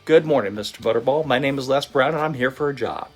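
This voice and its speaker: A man's voice: medium pitch, fast talker, soft background music, voice pushed up, lightly acted. A man voicing an eager, persistent young man who keeps politely asking for a job. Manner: polite, upbeat, keen.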